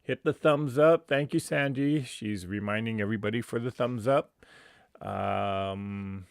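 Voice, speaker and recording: A man's voice: fairly low pitch, measured pace, creaky, dry recording, clean studio sound. A man hosting a casual livestream, chatty and laughing often as he greets viewers by name. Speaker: livestream host.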